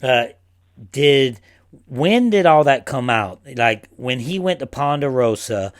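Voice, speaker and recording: A man's voice: medium pitch, expressive, slow pace, no room sound, clean studio sound. A man hosting a podcast, chatting casually with his guest. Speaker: podcast host. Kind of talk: casual interview talk.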